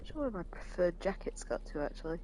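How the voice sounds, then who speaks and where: A woman playing a video game and commenting quietly to herself in a dry, muttering way. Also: fairly low pitch, sing-song, a little fast, slight background noise, rough recording. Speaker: let's play gamer.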